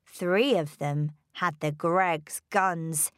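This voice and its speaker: Slow, expressive woman reading a storybook. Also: on the low side, smooth, dry recording, studio quality. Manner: slow, careful, expressive read-aloud delivery. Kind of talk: scripted storybook narration.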